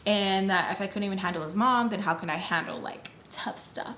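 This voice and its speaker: A young woman retelling a personal story in a casual, animated storytime vlog, acting out the quoted lines. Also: medium pitch, fast, a little hiss or hum. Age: young adult. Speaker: storytime vlogger. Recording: roomy echo.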